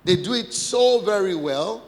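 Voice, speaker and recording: A man's voice: high voice, animated, a little slow, long reverb tail. A man preaching a sermon as pastor, emphatic, repeating phrases and asking the congregation questions.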